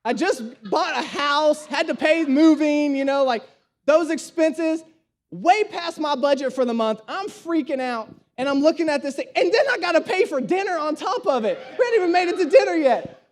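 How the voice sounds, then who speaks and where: A man's voice: very high-pitched, expressive, normal speed, slight background noise. A male pastor preaching a sermon, telling a self-deprecating story with humor and acting out the dialogue. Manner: acts out dialogue in his stories.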